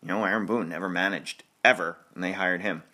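A man's voice: sits low, fairly even intonation, sharp tone. A man hosting a sports podcast, rambling in casual chat and laughing often. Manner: rambling, chatty, laughs often, quick restarts. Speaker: podcast host.

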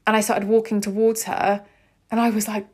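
A woman's voice: medium pitch, level tone, moderate pace, darkish tone, husky. Earnest young woman telling a story. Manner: earnest, heartfelt, chatty with many "like"s. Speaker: podcast host. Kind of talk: personal storytelling monologue.

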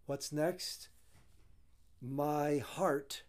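A man's voice: medium pitch, unhurried. A man leading a conversational Bible study, earnest and emphatic. He lingers on key phrases and repeats them for weight. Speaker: Bible teacher.

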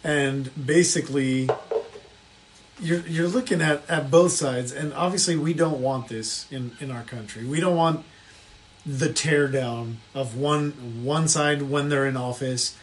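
A man co-hosting a casual political chat podcast, speaking in a measured way that hedges and repeats itself. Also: medium pitch, a little hiss or hum. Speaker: podcast co-host.

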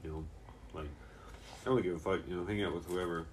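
A young man with a very deep, low voice recounts a night out in loose, casual chat. He swears freely and laughs as he talks. A faint hiss of background noise sits under the recording. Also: steady tone, fast.

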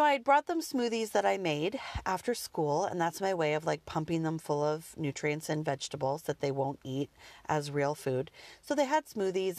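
A woman's voice: deep voice, gravelly, a little mellow, no echo. Woman, mother, casual candid chat; rambling delivery, dry close recording. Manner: candid, rambling, full of "like" and "you know".

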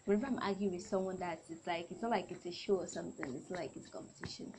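A woman's voice: on the low side, racing, noisy background. A young adult woman hosting a solo podcast, talking in a chatty, rambling way and often correcting herself. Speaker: podcast host.

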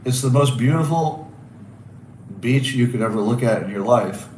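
A man in his sixties hosts a casual solo livestream podcast from an oceanside hotel room with a balcony, telling stories wryly with rhetorical asides and restarts. His medium-pitched, moderately paced voice is a little mellow, picked up by a distant mic with roomy echo, faint ambience and slight background noise.

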